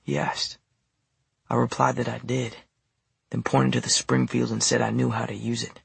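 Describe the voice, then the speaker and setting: A man with a deeply gravelly, husky voice reads a first-person audiobook story in a quiet, even, low-key way. His pitch stays flat and level, and the dry, close studio recording leaves no room sound. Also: moderate pace, dry recording. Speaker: audiobook narrator.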